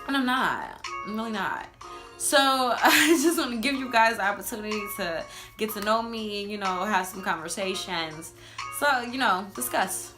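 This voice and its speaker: A woman in her twenties with a New Jersey accent, chatting casually in a get-to-know-me video and laughing often. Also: mid-range voice. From Louisiana, raised in New Jersey. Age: 20s. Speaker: vlogger.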